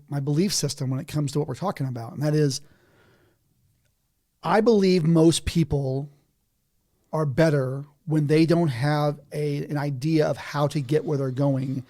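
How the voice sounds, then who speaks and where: Guesting on a podcast from inside a house, a man with a somewhat high voice talks at a normal pace. He tells stories animatedly in casual conversation, often laughing mid-sentence.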